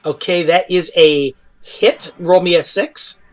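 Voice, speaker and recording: High-voiced male game master. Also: steady tone. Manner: halting, with many fillers. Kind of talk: narrating a tabletop game.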